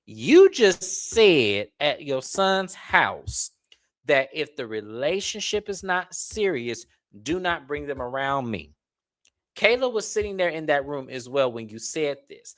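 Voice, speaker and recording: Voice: mid-range voice, a bit bright. A reality TV recap host talking casually to viewers, blunt, exasperated and profane.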